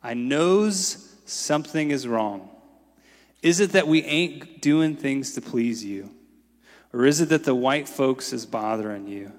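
A man voicing a wise, caring woman of about eighty, who speaks in a slow, low, gentle dialect. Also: big-room sound, close to an everyday voice.

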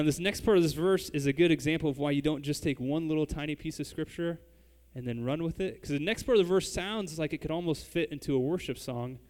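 A man delivers a sermon in a relaxed, conversational way, talking straight to his listeners. His voice sits a little high for a man. A long reverb trails behind him in the church hall. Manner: conversational, addresses the congregation directly. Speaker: pastor.

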